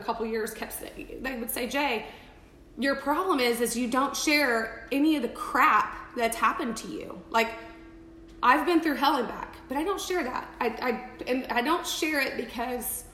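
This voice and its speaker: A bright, forceful woman, talking casually on a live video. She rambles with restarts and emphatic asides, slightly high-pitched. The room is echoey, with a faint hiss behind her. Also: normal speed. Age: 30s. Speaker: makeup seller on a live video. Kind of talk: casual live-stream talk.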